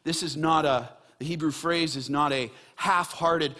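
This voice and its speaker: A man preaching a sermon as pastor, animated, swinging between raised emphasis and quiet, earnest stretches. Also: on the high side, measured pace, hardly any pauses.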